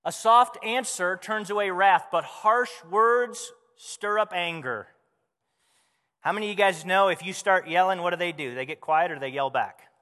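A man preaching a sermon as a pastor, conversational and animated, asking the congregation rhetorical questions. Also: sits high, normal speed, in a large hall.

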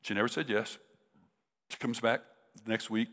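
A man of about seventy, a preacher telling a personal story, halting and restarting, rising into emotional peaks. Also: on the low side, steady tone, a bit bright. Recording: long reverb of a large hall.

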